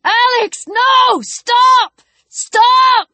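A woman's voice: very high voice, extremely slow, pushed and bright, no echo, voice pushed up, full character voice. A woman reading an audiobook voices a panicked young man who screams desperate warnings.

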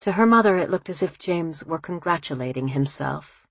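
A woman narrating an audiobook in a measured, even reading voice. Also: low voice, husky, no echo.

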